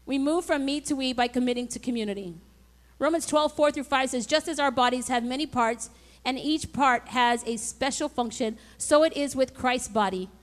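Woman pastor with a high voice, preaching emphatically with call-and-response. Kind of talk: sermon.

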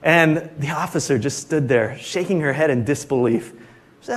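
A male pastor with a notably high-pitched voice, preaching with emphasis during a church service. He speaks in short, punchy lines and keeps checking in with the congregation for an amen. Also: lively intonation, normal speed. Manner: emphatic, repeatedly asks "Amen?". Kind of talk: sermon.

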